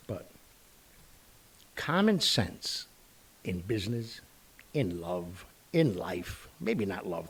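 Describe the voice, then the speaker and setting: A man's voice: fairly low pitch, breathy edge, recorded from a distance. A man hosting his online show, rambling bluntly with mild curses. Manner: animated, blunt, mildly profane, rambling. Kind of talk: casual rambling monologue.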